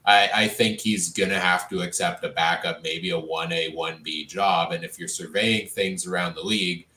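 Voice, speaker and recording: A man's voice: deep voice, steady tone, moderate pace, bright, forceful tone, reverberant. A man co-hosting a sports podcast, talking through football moves in long, analytical runs. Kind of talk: casual sports chat.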